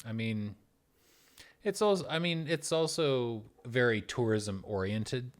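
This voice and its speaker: A man's voice: mid-range voice, measured pace, slight background noise. A young man co-hosting a podcast with a dry, understated, wry way of talking. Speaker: podcast co-host. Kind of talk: casual chat.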